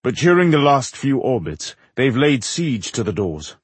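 A man voicing an ancient, kindly undead dwarf king who speaks calmly and reassuringly. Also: medium pitch, measured pace, slightly rough, no room sound. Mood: grave. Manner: calm, reassuring.

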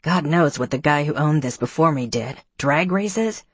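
A woman's voice: sits low, expressive, normal speed, slightly rough, no echo. A woman narrating a first-person novel as an audiobook, giving each character a slightly raised voice in dialogue.

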